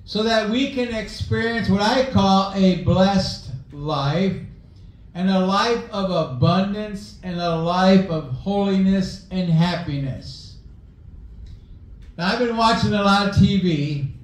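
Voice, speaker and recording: A man's voice: sits high, slow, very echoey, poor audio. A male pastor preaching a sermon, mixing scripture reading with folksy personal stories.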